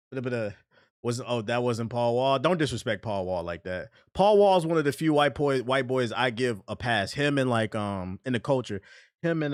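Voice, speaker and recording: A man's voice: medium pitch, no echo. Guy streamer reacting to tracks, blunt, swears a lot, voice jumps all over, dry close sound. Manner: blunt, incredulous, swears freely. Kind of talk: casual reaction commentary.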